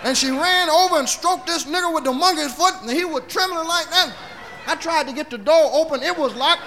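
Man, rowdy profane comic storyteller, very high voice, laughs through his lines. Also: fairly quick, sharp tone, a faint crowd, a little hiss or hum. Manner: rowdy, laughing as he talks, acting out the scene. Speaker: comedian.

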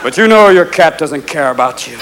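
A man doing a profane stand-up routine, jumping into high voices for animals. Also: lively intonation, a little fast. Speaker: stand-up comedian. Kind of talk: stand-up routine before a live audience. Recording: live club recording with crowd noise.

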